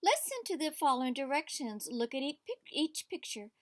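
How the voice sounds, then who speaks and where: A woman's voice: high voice, sing-song, moderate pace. A woman teacher reads a picture book aloud to children. She reads with expression and stops to ask the children questions.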